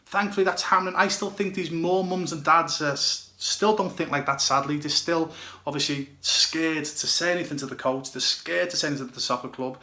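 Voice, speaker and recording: A man's voice: fairly high pitch, a little fast, sharp tone, reverberant. A blunt, emphatic man with a British accent, a goalkeeper coach giving direct advice and often checking "okay, yeah?". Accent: British English.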